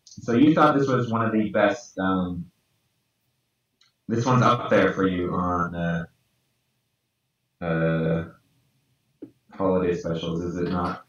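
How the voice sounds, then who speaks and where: Sketching as he goes, this man co-hosts a podcast, chatting loosely and quietly muttering to himself. He speaks slowly with fairly even intonation and long pauses, and the recording sounds echoey, distant and muffled.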